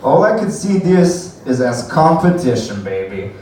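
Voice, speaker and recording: A man's voice: on the high side, big pitch swings, measured pace, darkish tone. A man doing a stand-up comedy set at an open mic night, rambling, swearing and laughing at his own jokes. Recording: echoey room from far off, faint noise.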